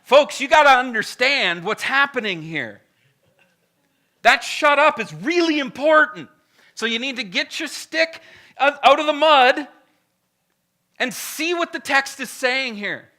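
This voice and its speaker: A man's voice: very high-pitched, animated, slow pace, pushed and bright. A male pastor preaching a sermon in a blunt, emphatic, conversational way, with frequent direct asides to the congregation.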